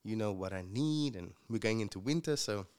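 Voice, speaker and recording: A man's voice: lowish voice, animated, brisk, a little mellow, smooth. A man from Africa, telling his life story in a casual interview in an earnest, reflective way. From South Africa. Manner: earnest, reflective, with many fillers. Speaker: guest and future co-host.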